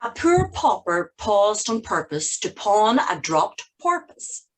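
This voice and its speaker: A woman's voice: medium pitch, sing-song, slow pace, poor audio. A woman taking part in a presentation workshop, hesitant and checking instructions before reading a passage aloud. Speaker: workshop participant.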